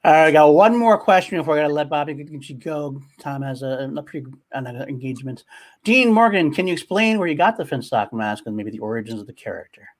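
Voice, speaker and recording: A man hosting a livestream interview, upbeat and quick to laugh. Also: fairly high pitch, animated. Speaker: host.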